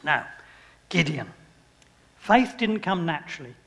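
An older man preaching, his voice sitting high for a man. He tells homely stories, chuckles and acts out little scenes. His words ring on with a long echo of a church hall. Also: sing-song, unhurried, creaky, a bit bright. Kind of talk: sermon.

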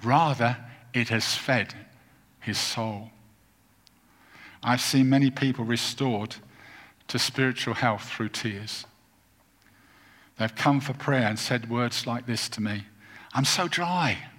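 Male pastor, mid-pitched voice, earnest and deliberate sermon delivery, long hall reverb. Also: fairly even intonation, fairly bright tone. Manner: earnest, deliberate, with emphatic repetition.

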